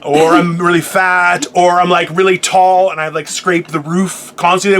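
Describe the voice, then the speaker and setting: A man co-hosting a podcast in casual comedic chat, telling animated jokey stories and acting out other people's voices. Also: high voice, moderate pace, few pauses, slight background noise. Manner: animated, jokey storyteller who acts out voices. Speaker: podcast co-host.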